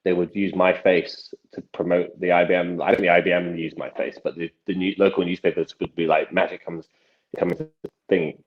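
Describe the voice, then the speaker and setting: A young man, a magician telling stories from his life as a podcast guest, with animated delivery and frequent restarts. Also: sits low, fairly quick. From England. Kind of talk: casual podcast storytelling. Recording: dull lo-fi sound.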